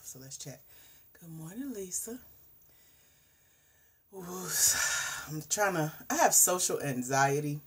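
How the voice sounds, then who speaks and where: A woman in her forties talks casually to a live audience. Her voice is husky and breathy. She is chatty and animated, moving between hushed asides and loud bursts. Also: sits low. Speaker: host. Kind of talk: casual livestream chat.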